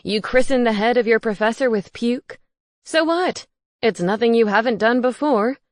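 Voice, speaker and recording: A woman's voice: on the high side, moderate pace, dry recording, voice pushed up, lightly acted. A woman voicing a bossy, snooping male ghost housemate who teases and gets indignant. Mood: teasing, loud. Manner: teasing, indignant.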